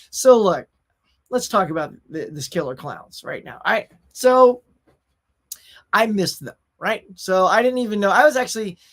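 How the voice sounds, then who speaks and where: A man's voice: sits high, lively intonation, a little slow, fairly bright tone. Laid-back man hosting a live chat. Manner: laid-back, chatty, greets viewers by name. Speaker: host of a pop culture live show. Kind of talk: casual livestream chat. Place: his own home collection room.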